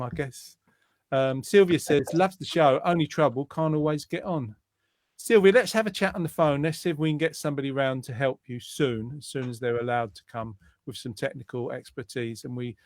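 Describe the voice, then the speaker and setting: A man's voice: mid-range voice, fairly bright tone, no echo. A man hosting a casual online chat show over a video call, rambling and teasing, with many hesitations. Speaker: host.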